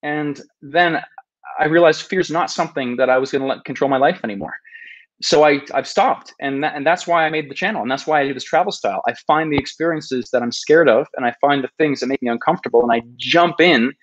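A man's voice: fairly high pitch, quick pace, muffled recording. A man in his thirties, a podcast guest telling his story in an earnest, self-deprecating way, often restarting his sentences. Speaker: podcast guest, travel video maker. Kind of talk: casual storytelling interview. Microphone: podcast microphone.

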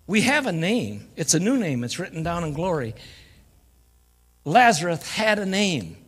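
A man's voice: a little high, very animated, normal speed, a bit bright, slightly rough. A man preaching a folksy guest sermon in a church, mixing jokes and laughter with scripture. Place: church sanctuary. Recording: church live stream with long hall reverb.

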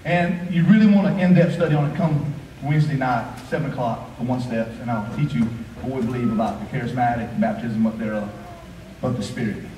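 A male pastor preaching a sermon, rhythmic and repetitive, swinging between quiet asides and raised, emphatic lines. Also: medium pitch, a little fast, a little hiss or hum. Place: church sanctuary. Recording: echoey hall, voice from a distance, faint ambience.

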